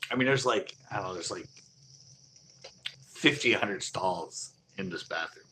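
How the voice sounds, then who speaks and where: A man's voice: low-pitched, animated, moderate pace, pushed and bright, slight background noise. A man telling a long casual anecdote, rambling with many fillers and chuckling as he goes. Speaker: storyteller.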